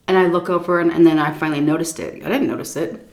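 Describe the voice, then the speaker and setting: A woman food vlogger telling a story while eating, animated, dropping to muttered asides and swearing casually. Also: low voice. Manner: pauses for chewing and stomach noises while talking.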